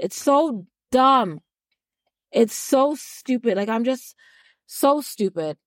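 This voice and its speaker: A woman's voice: a little high, expressive, slow, no room sound, studio quality. A woman co-hosting a podcast, giving a blunt, heated recap rant and swearing freely. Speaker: podcast co-host. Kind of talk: casual reality-TV recap rant.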